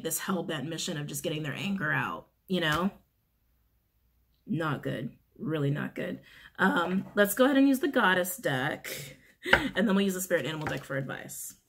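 A woman's voice: on the low side, a bit bright. A woman giving a casual tarot reading, talking bluntly, swearing freely, and repeating phrases for emphasis. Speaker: tarot reader.

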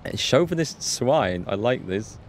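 A man's voice: mid-range voice, lively intonation, unhurried, slight background noise. A man doing casual let's play commentary, making jokey asides and chuckling as he plays.

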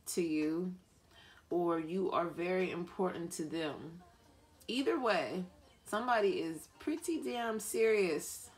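A woman giving a casual tarot reading, playful and profane, often breaking into laughter. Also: on the low side. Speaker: tarot reader and life coach.

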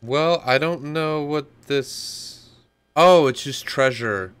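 A man's voice: a little high, takes it slowly, a bit bright, clean tone. A man hosting a gaming channel, talking casually through a game, joking and rambling to himself. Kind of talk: casual gameplay commentary.

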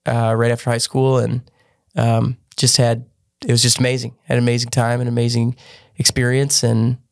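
A man's voice: medium pitch, monotone, moderate pace, gravelly, dry recording, clean studio sound. A man who was a gymnast, telling his story earnestly as a podcast guest and often restarting his sentences. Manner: earnest, with frequent restarts and fillers. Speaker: podcast guest, former gymnast turned business owner. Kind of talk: casual storytelling interview.

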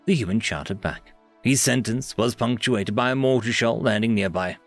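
A man narrating science fiction stories in an expressive, dramatic reading style. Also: mid-range voice, moderate pace, faint music behind. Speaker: story narrator. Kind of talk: scripted sci-fi narration.

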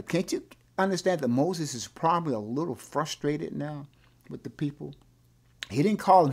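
A male pastor teaching a Bible class, animated, often repeating words and asking rhetorical questions. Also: fairly high pitch, normal speed, gravelly, slightly rough.

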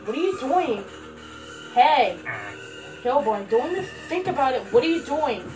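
A woman hosting a casual reaction video on a headset, chatty and excitable, talking back at the screen. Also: high-pitched, normal speed, low-quality recording. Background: music from the video being watched.

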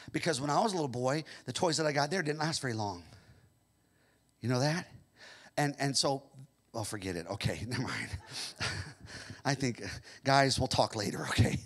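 An American man preaching a sermon as pastor, swinging from shouted high points to soft, chatty asides. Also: husky. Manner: shouts his peaks, drops to quiet asides. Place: church sanctuary.

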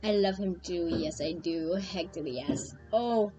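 A young woman streaming a game, chatting to her viewers in a loose, excitable way, laughing often. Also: lowish voice, a little slow. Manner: excitable, laughing, addresses chat. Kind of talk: casual game commentary.

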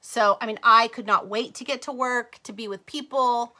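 Chatty bright-voiced woman crafting live. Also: fairly high pitch, fairly even intonation, moderate pace. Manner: chatty, rambling, laughs often, drifts off topic; talks to viewers as "you guys" and "y'all". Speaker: craft livestream host. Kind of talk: casual chat while crafting live.

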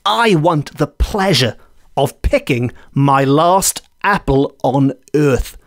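A wily, poor old countryman from a folk tale, bargaining in an unhurried voice with lots of rise and fall. The recording is dry and close, as a male narrator puts him on. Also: fairly high pitch, animated, no room sound, voice pushed down. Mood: crafty.

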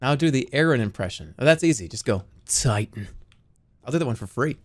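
A man's voice: medium pitch, lively intonation, fast talker. A man livestreaming who chats casually and sarcastically, talking straight to his viewers. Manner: sarcastic, joking, talks straight to the chat.

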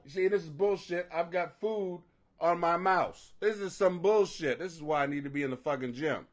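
A man in his forties hosting a live stream, ranting loudly and profanely, laughing as he reacts. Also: a little high, moderate pace. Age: 40s. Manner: profane, loud, laughing, animated. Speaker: livestream host. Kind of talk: casual ranting commentary.

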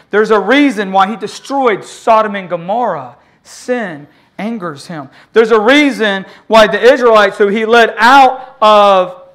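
A pastor preaching an impassioned sermon, calling for amens from the congregation and swinging between loud cries and hushed, low lines. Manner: call-and-response with the congregation.

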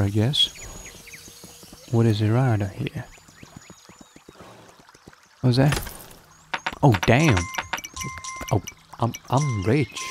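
A man talks slowly through a game he is playing, his voice gravelly with fry. He hesitates and fills gaps with ums, reading on-screen prompts aloud. The home recording carries clear background noise and chirping crickets. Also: mid-range voice. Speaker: gaming video creator. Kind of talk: casual let's-play commentary.

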